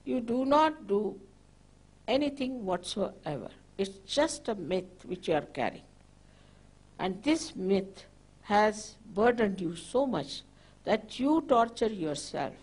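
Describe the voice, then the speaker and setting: Slow, gentle woman guiding meditation. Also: medium pitch, big pitch swings, breathy edge. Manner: slow, gentle, repeated instructions. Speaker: spiritual teacher. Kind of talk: guided meditation instruction.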